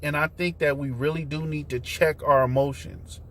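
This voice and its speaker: A man hosts his own vlog from his car, preaching his point loosely and conversationally with plenty of slang and fillers. He speaks at a moderate pace in a higher, fairly bright voice with fairly even intonation, and there's a slight hiss or hum.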